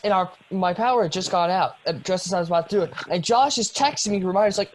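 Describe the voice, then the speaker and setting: A man's voice: sits high, brisk, hardly any pauses, a little hiss or hum, poor audio. A young man co-hosting a podcast, telling a long story in a casual, rambling way with lots of ums and restarts. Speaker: podcast co-host. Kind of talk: casual chat.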